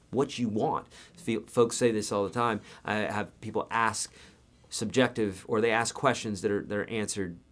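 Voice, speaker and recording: Counting beats aloud, a man teaches guitar live in a relaxed, talkative style. His voice is fairly low, sounding weary and worn.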